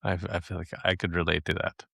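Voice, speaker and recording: Male co-host, low relaxed voice, dry close sound, easygoing. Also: fast, creaky, no room sound. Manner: easygoing, laughs along. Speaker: podcast co-host, father. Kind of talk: casual podcast chat.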